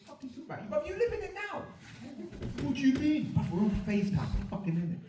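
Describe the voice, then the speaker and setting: A man's voice: very high voice, wildly swooping pitch, fast talker, far from the mic. A man doing a crude, rowdy stand-up comedy set in a club, often laughing through his lines. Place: comedy club with live audience. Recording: echoey room, from afar, loud crowd.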